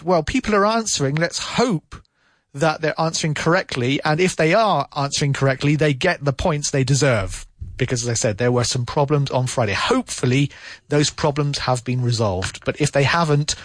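A man hosting a radio English lesson, patiently repeating phrases slowly to demonstrate pronunciation. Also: fairly high pitch, no echo. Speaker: English teacher and show host.

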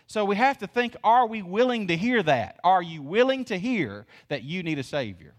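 A man preaching a sermon, his voice sitting a bit higher than most men's. He swings widely up and down in pitch and keeps firing rhetorical questions at his folksy congregation. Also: sing-song, normal speed. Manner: folksy, calls the congregation y'all. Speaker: pastor.

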